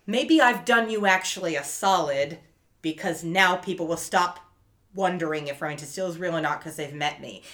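A woman with a bright, forceful voice chats through a TV episode recap. She acts out the characters' lines with lively quoted voices and laughs often. Her tone is casual and swears freely. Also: fairly low pitch, normal speed. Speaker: podcast co-host recapping a TV episode. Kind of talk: casual chat, retelling scenes with quoted voices.

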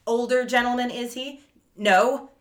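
A woman's voice: a little high, a little slow. A woman co-hosting a podcast, casually retelling a TV episode and acting out the characters' lines, laughing and swearing as she goes. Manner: animated storyteller, laughs often, swears casually. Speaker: podcast co-host recapping a TV episode. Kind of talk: casual chat, retelling scenes with quoted voices.

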